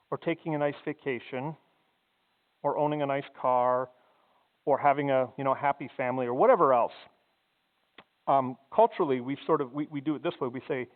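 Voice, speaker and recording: Conversational pastor, tinny sound in a hall. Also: male voice, a little high. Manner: conversational, repeats words while thinking. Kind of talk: sermon. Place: church sanctuary. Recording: phone-like sound in a long-reverb hall.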